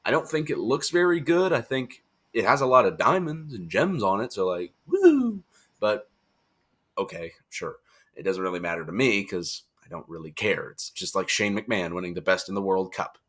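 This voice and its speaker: A man's voice: on the low side, expressive, normal speed, a bit bright. A tired young man giving a casual, joking wrestling review and acting out quotes in silly voices. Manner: chatty, jokey, acts out quotes in funny voices.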